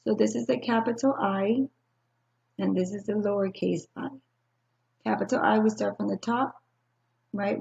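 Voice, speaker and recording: A woman teacher leads young children through a recorded phonics lesson, speaking patiently and spelling out each sound. Her voice has a gravelly fry at mid pitch. It comes through a slightly dull, lo-fi computer microphone. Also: darkish tone. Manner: patient, slow and clearly spelled-out teaching with pauses for answers. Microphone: screen-recording computer mic.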